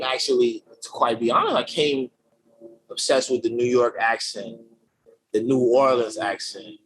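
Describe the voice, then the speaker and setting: Slangy, energetic man telling his story. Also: medium pitch, poor audio. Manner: slangy, energetic, many fillers and restarts. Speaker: podcast guest, creative director. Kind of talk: casual conversational storytelling.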